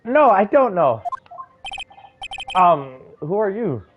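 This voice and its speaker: A man doing a gruff studio assistant lady. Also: high-pitched, very animated, slow pace, narrow, tinny audio, noisy background, pitched above the performer's own voice, heavily acted. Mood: matter-of-fact. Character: brusque female studio props assistant. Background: loud game music.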